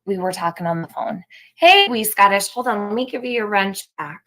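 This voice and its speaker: A woman's voice: medium pitch, expressive, normal speed, pushed and bright. A woman hosting a live stream, chatting casually with viewers and reading out their comments, laughing often.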